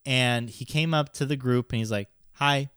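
A man's voice: medium pitch, normal speed, a bit bright, clear, resonant tone, no echo, clean studio sound. A middle-aged man co-hosting a casual podcast chat, talking loosely and laughing as he acts out little scenes. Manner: chatty, laughs often, acts out quotes. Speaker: podcast co-host.

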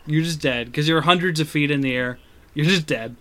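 A man hosting a casual chat about games over an online call, relaxed and chuckling often. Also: on the high side, brisk, a little hiss or hum. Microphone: video call. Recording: online call, connection glitches.

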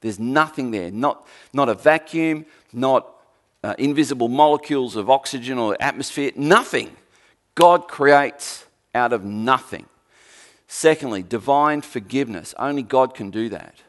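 A man preaching a sermon, emphatic with dry humour, swinging from forceful peaks to quiet, low passages. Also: unhurried. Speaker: pastor.

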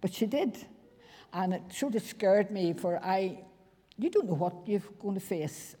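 A woman's voice: mid-range voice, lively intonation, measured pace, warm tone, breathy edge. An older Northern Irish woman giving a personal testimony at church, telling her story earnestly in plain everyday words. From Northern Ireland. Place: church fellowship hall. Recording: reverberant church hall recording.

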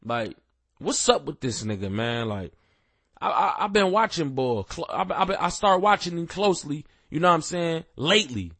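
A man's voice: fairly high pitch, big pitch swings, moderate pace, a bit bright, no echo. A man hosting a podcast, ranting casually with heavy profanity and rambling fillers, growing heated. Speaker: podcast host. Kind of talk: casual rant.

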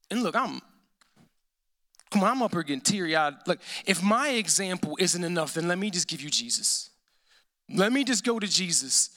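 This is a high-pitched male voice delivering a sermon as a pastor. His preaching is emphatic, full of repeated phrases, and frequently sinks to a hushed intensity.

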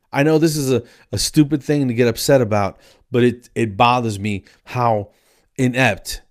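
A man's voice: mid-range voice, normal speed. A man hosting his own comedy podcast, rambling and exasperated, tired late at night. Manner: rambling, exasperated, repeats himself. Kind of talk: casual stand-up style monologue.

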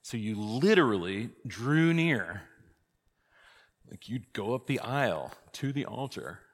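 A man, a priest, teaching a conversational church class, lively and full of rhetorical questions. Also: medium pitch, slow, husky. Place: church hall. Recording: long hall reverb.

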